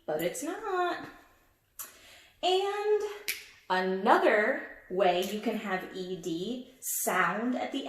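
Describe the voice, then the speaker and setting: A woman's voice: fairly high pitch, reverberant. A woman teaching a phonics lesson and reading a picture book aloud, patient and encouraging, stretching out word sounds for young listeners.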